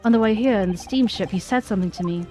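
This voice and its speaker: A woman's voice: medium pitch, fast, a little mellow, faint music behind, close to an everyday voice. A woman voicing an earnest, formal young woman who works as a legal assistant, reading game lines aloud.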